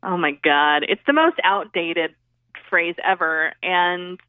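A woman's voice: fairly low pitch, takes it slowly, no echo. A woman from Oklahoma, a journalist guest, chatting casually about politics with plenty of fillers over a phone line. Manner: chatty, agreeable, many fillers.

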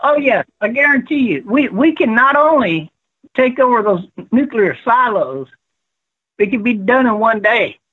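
Caller, husky and insistent, lively pitch, tinny phone line. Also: male voice, normal speed. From Texas. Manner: insistent, rambling.

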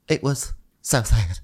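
A man's voice: on the high side, a bit bright, pitched above the performer's own voice. A man doing a mocking impression of a defensive woman celebrity, faltering and melodramatic.

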